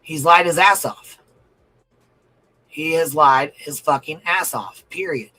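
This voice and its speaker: A man's voice: fairly high pitch, slow, bright, forceful tone, low-quality recording. A man giving blunt, profane livestream commentary, reading out viewer comments and repeating his points for emphasis.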